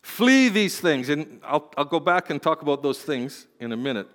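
A male pastor delivers a passionate sermon in a slightly higher voice than most men. His words ring out with a long, lingering church reverb. He builds to loud, fervent calls and then drops to soft, tender storytelling. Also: a little fast. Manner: impassioned preaching, rising to loud exhortation and dropping to soft storytelling. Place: church sanctuary.

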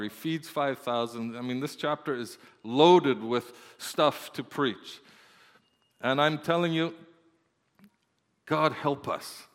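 A male pastor preaching a lively sermon, joking with his congregation between scripture readings. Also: medium pitch. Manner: animated, joking preacher who reads scripture aloud. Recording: long hall reverb.

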